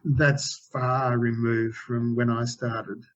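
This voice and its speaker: Man, 60s, interview guest, rambling storyteller with many restarts, middling pitch, dull video-call audio. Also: level tone, takes it slowly. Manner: rambling, frequent restarts and self-corrections. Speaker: game developer guest.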